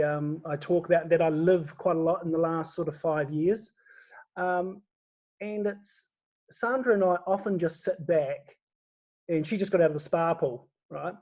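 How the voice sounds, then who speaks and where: A man's voice: sits high, steady tone, normal speed, a little mellow, highs cut off. A man chatting casually as a guest, laughing often and restarting his words. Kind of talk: casual chat.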